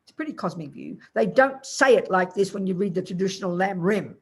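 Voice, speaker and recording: An older woman with an Australian accent teaches a class as a Buddhist nun. Her voice is husky and a little breathy, and her delivery is blunt and colloquial, full of teasing endearments. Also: mid-range voice, expressive, a little fast. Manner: blunt, colloquial, teasing, calls listeners darling and sweetie pies.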